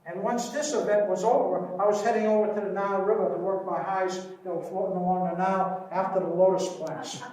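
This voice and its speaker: A man's voice: sits high, fairly even intonation, slight background noise. A man giving an informal beekeeping talk in a library, telling stories in a folksy way. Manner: folksy storyteller, slows down and softens for anecdotes. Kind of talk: informal public presentation. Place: library meeting room. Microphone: distant room mic. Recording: echoey room from far off.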